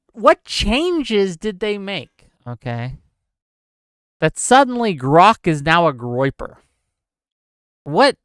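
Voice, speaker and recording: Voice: medium pitch, fairly bright tone, clean tone, no room sound, studio quality. A live-stream show host giving incredulous, exasperated commentary, laughing in disbelief and reading out viewer chat. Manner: exasperated, many filler "okay?" tags.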